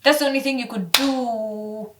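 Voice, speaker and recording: A woman in her twenties ranting casually to camera, heated and profane, swinging between loud outbursts and low mutters. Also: fairly even intonation, normal speed, far from the mic, heavy background noise. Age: 20s. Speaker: vlogger.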